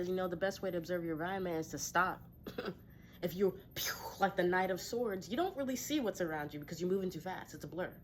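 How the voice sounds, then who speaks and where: A woman with a fairly low voice speaks reflectively and encouragingly as a tarot reader, pausing to sigh or laugh softly. A faint hum of ambience sits behind her. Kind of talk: casual spiritual talk to viewers. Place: her home.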